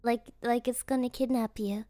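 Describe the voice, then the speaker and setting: Woman streamer, high voice, unhurried, giggly storyteller, dry close mic, faint music behind. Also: steady tone, warm tone, dry recording. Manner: giggly, rambling, heavy fillers with Japanese interjections. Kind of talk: casual storytelling chat.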